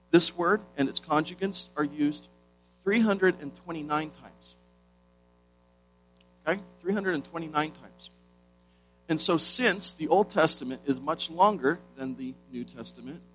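Male preacher, slightly high pitch, emphatic and questioning delivery, faint guitar underneath. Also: a bit bright, poor audio. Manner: emphatic, rhetorical questions, slows for stress. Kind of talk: sermon.

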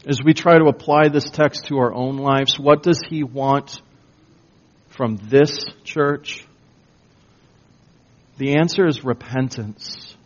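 A man preaching a sermon as pastor, slow and emphatic, building to intense bursts. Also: mid-range voice. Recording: dull lo-fi recording.

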